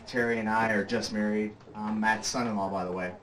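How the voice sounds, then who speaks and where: A man's voice: lowish voice, fairly even intonation, a little fast, fairly bright tone. A man starting a rambling, laughing story as a birthday toast. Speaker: son-in-law giving a toast. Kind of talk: storytelling speech. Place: room at a family party. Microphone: far camcorder. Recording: echoey room from far off, noise.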